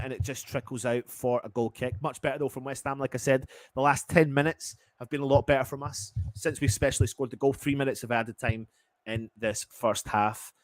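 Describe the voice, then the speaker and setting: With no echo in the audio, a male fan calls a football match live with a partisan slant, swearing as he veers from low mutters to loud yells.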